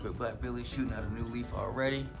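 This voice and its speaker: Gravelly playful man touring his plants. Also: mid-range voice, fairly even intonation, quick pace, music in the background. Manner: playful, hyped, slangy, breaks into silly voices. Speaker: plant collector showing his collection. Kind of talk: casual plant tour vlog.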